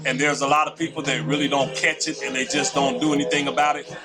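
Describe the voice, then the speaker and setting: A man's voice: mid-range voice, level tone, quick pace, poor audio. Guy hosting a live call-in stream, talks loose and chatty, music going behind him. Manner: chatty, repeats the phone number. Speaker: call-in show host. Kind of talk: casual live call-in talk.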